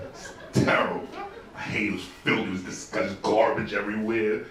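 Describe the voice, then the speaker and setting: A man's voice: lowish voice, a little fast. A man from New doing profane stand-up comedy on a club stage. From New York. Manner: animated, profane, bursts into mock shouting. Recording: echoey club from far off, crowd.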